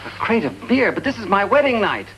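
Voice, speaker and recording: An exasperated newlywed farmer in a 1950s comedy film. His voice is mid-pitched and very lively in its rise and fall, and the delivery is polished and theatrical, with an old movie soundtrack feel. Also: brisk, slight background noise, heavily acted, poor audio. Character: exasperated American newlywed farmer, talking to camera.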